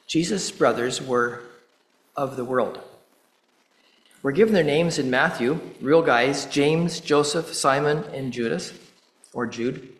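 Slow, deliberate male preacher in echoey room. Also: mid-range voice. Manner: measured preaching with deliberate pauses, scripture quotes. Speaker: pastor. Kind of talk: sermon.

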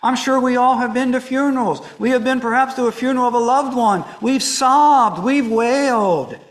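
A man preaching a sermon, walking through a scripture passage verse by verse, dropping to soft hushed lines and rising to emphatic ones. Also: extremely high pitch, normal speed, poor audio.

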